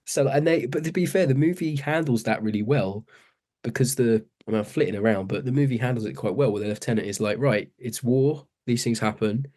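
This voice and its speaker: A man's voice: mid-range voice, fast, dark tone. A man co-hosting a podcast in casual chat, laughing and recounting film scenes animatedly. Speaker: podcast co-host.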